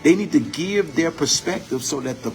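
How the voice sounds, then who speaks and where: A man's voice: on the high side, lively intonation, moderate pace, creaky. A man giving an impassioned, profane commentary monologue, building his points with preacher-like repetition.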